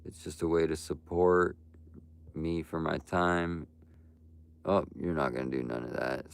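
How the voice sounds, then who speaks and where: A man's voice: rumbling low, fairly even intonation, measured pace, creaky, pauses often, clean tone. A young man livestreaming and talking to his chat, ranting bluntly and profanely with frequent "bro" and "like". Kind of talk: live stream talk to chat.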